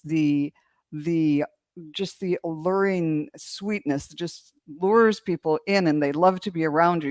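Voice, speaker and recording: A woman's voice: low-pitched, dry recording, clean studio sound. A woman psychic medium giving a reading on a live stream, describing her visions in vivid detail. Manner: vivid and descriptive, building up imagery.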